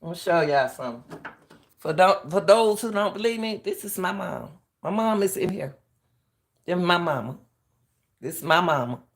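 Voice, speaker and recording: Middle-aged woman host, lowish voice, harsh coach's edge, impassioned talk straight to camera. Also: expressive, moderate pace, long pauses. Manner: impassioned, repeats herself, talks straight to viewers. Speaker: channel host, retired track coach. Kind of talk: emotional live commentary.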